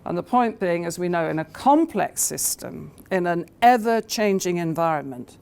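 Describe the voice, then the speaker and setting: A woman addresses a conference audience in a fairly low voice. She talks in a storytelling way, with frequent fillers and restarts. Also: animated, normal speed, vocal fry, darkish tone. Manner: anecdotal, hesitant with many fillers. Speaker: conference speaker. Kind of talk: conference talk.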